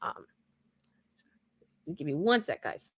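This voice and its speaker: Young woman, live stream host, casual chat, rambling, lowish pitch, dry close sound. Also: sing-song, slow pace, breathy edge, no room sound, dull audio. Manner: chatty, rambling with fillers and restarts.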